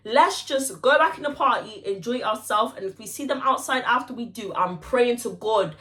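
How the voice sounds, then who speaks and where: A young woman telling a story to camera in a casual, animated way, full of slang and swearing. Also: fairly high pitch, a little fast, few pauses. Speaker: vlogger. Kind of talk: casual story time monologue.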